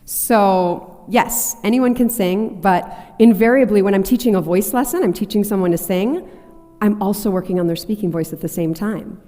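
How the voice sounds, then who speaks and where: Woman, singing teacher, stage talk, warm mellow voice, long hall echo. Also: medium pitch, normal speed, faint music behind. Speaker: singing teacher and opera singer. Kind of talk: stage presentation.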